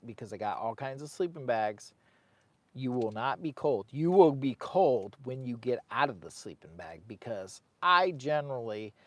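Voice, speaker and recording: A man's voice: mid-range voice, no echo. A middle-aged man, a camping vlogger, talking casually and emotionally from inside a heated tent on a cold, windy day. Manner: rambling, colloquial, emotional. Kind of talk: casual livestream chat.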